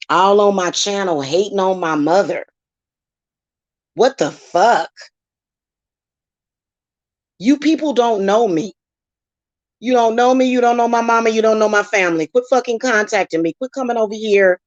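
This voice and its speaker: A medium-pitched woman, a spiritual reader running her own channel, delivers an angry, profane vlog rant confronting her critics. The recording is dry and the audio dull.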